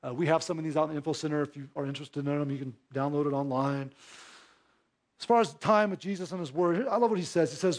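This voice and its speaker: A man preaching a sermon as pastor, dropping to hushed low asides and rising into emphatic exhortation, with rhetorical questions to the congregation. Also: fast.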